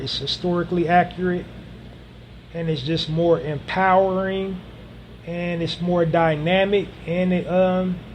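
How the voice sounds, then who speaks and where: Guy doing a solo podcast, kinda high voice, earnest, repeats himself a lot, lots of ums, faint hiss behind. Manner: earnest, repeats phrases for emphasis, frequent ums. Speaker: podcast host.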